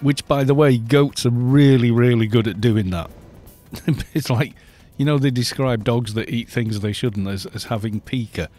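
A man's voice: mid-range voice, moderate pace, mellow, soft background music. Casting note: male streamer, casual and jokey, mid-range voice, laughs a lot, desk mic. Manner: rambling and jokey, laughs often. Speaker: gaming streamer. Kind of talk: casual live-stream chat while playing.

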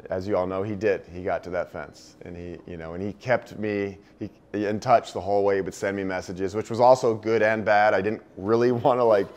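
A man giving a talk to an audience, telling a personal story in an earnest, heartfelt way, his voice dropping low and soft on the sad parts. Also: fairly even intonation, brisk, few pauses, dull audio, a little hiss or hum. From United States. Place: indoor venue with a live audience.

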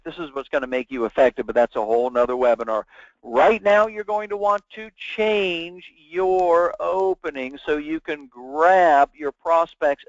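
A man's voice: mid-range voice, no echo. A man presenting a sales training webinar, coaching emphatically with big swings in inflection. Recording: dull lo-fi webinar audio.

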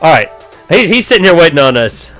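A man's voice: fairly high pitch, sing-song, fast talker, fairly bright tone, faint music behind. A man hosting a casual game live stream, chatty and upbeat, greeting viewers by name and explaining with frequent "um"s. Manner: frequent "um" fillers while explaining.

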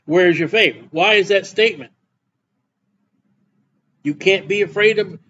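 High-voiced male preacher, lo-fi recording. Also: animated, normal speed, pauses often, fairly bright tone. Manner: reads verses then explains in plain asides. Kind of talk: sermon, Bible reading with commentary.

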